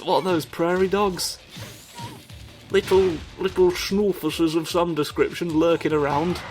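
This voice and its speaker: Guy riffing playfully over a fighting game, voice a bit high, quiet music behind. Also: normal speed. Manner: rambling, playful, absurd asides. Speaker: game commentator. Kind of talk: comedic gameplay commentary.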